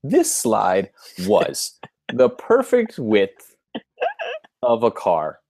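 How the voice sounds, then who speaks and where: A man's voice: fairly low pitch, huge pitch swings, drawn-out words, darkish tone, no echo. A man co-hosting a podcast, riffing in casual comedic chat and breaking into voices. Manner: rambling, riffing, mimics voices. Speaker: podcast co-host.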